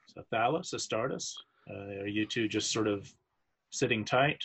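A man narrating as game master of a tabletop role-playing game, halting and restarting, with many fillers. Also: on the low side, crowd noise, low-quality recording. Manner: halting, full of fillers and restarts, laughs often.

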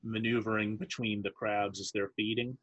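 A man narrating as game master of a tabletop role-playing game, halting and restarting, with many fillers. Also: fairly low pitch, level tone, fairly bright tone, rough recording. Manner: halting, full of fillers and restarts, laughs often.

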